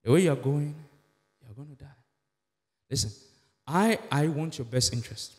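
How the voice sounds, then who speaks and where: A man acting out the devil as a sly, coaxing tempter, speaking low and soft. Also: expressive, normal speed, long reverb tail, close to an everyday voice. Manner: low, soft, persuasive wheedling.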